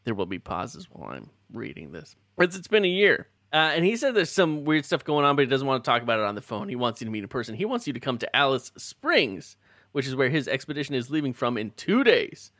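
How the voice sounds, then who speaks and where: Bright, lively man reading aloud between laughs. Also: medium pitch, dry recording, clean studio sound. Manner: laughing often, halting reading with fillers. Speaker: reader leading the group through the story. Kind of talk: casual group reading of a gamebook.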